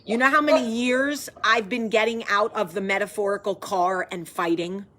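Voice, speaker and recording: A woman's voice: mid-range voice, steady tone, normal speed, background noise. A woman from the hosting a casual live video chat with viewers, effusive and chatty. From American South. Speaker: host.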